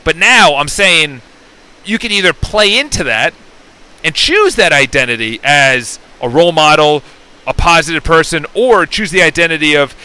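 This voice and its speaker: A man's voice: fairly high pitch, expressive, normal speed, bright, forceful tone, clean tone, poor audio. A man in a rambling, unscripted motivational monologue. He keeps restarting sentences and acts out quoted dialogue in shifting voices. He is a real estate agent speaking through a headset into a phone, likely from inside a parked car. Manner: rambling, with self-interruptions and restarts. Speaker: real estate agent and self-development vlogger.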